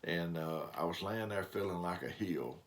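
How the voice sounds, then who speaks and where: A man's voice: low-pitched, normal speed. An older man giving a folksy devotional talk, telling homespun stories in a rambling way. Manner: rambling storyteller, homespun grammar. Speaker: preacher.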